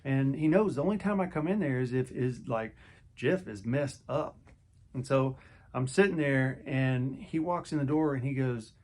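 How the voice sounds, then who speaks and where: A man's voice: on the high side, brisk. A middle-aged man recounting a personal experience in a candid, conversational way, often repeating and restarting his words. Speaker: vlogger.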